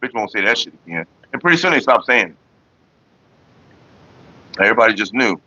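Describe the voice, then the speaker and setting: A man's voice: lowish voice, big pitch swings, brisk, bright, forceful tone, no echo, lo-fi sound. A man hosting a casual livestream, talking bluntly and profanely straight to his viewers. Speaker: livestream host.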